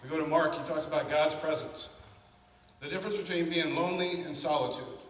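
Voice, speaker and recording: A man's voice: a little high, brisk, recorded from a distance. Man in his 50s telling stories in an echoey hall. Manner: conversational, animated storyteller. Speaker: panel speaker. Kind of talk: personal storytelling talk. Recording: echoey hall from afar, faint noise.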